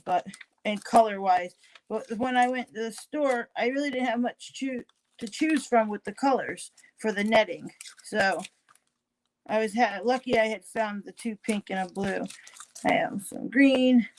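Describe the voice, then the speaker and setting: A middle-aged woman with a slightly high voice chats loosely through a live crafting stream. She rambles and restarts her sentences as she works, and she stops to answer viewers in the chat with friendly, personal replies. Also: a little hiss or hum, rough recording. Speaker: craft livestream host. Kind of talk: casual livestream chat while crafting.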